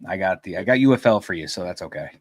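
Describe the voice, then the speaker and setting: A man's voice: low-pitched, animated, fast talker, no echo. A man on a sports podcast giving blunt, opinionated takes in casual chat. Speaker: podcast co-host.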